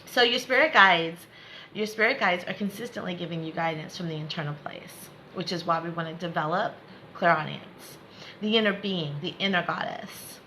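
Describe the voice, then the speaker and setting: A woman's voice: on the low side, moderate pace, bright, forceful tone, slight background noise, low-quality recording. A woman giving a live spiritual lesson, repeating herself to encourage viewers and laughing often. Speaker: spiritual teacher.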